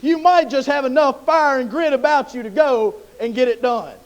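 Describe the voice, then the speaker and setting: A man voicing God as calm and reassuring. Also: very high-pitched, moderate pace. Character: calm, steady male God speaking.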